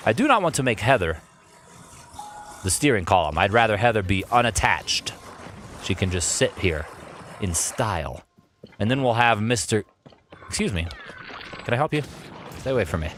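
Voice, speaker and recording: A young adult man streaming a game, chatting playfully with viewers and joking as he plays. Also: lowish voice. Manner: playful, animated, jokes with chat. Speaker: let's play streamer. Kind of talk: live-streamed gameplay commentary.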